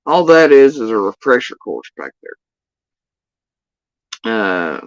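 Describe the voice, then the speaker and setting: A woman's voice: extremely low pitch, very animated, slow pace, no echo. A woman giving casual ranting livestream commentary, profane, sarcastic and exasperated, on a dull, dry lo-fi recording. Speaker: YouTube drama commentator.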